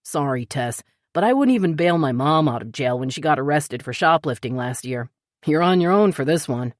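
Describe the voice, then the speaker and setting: A woman's voice: low-pitched, lively intonation, normal speed, no room sound, studio quality. A woman narrator voicing a cocky male hacker for hire who talks breezily and boasts. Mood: smug.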